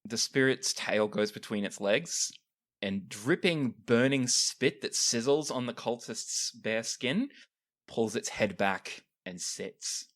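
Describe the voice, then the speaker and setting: A man narrating a tabletop game as game master, with lively storytelling and frequent restarts. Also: medium pitch, slow pace.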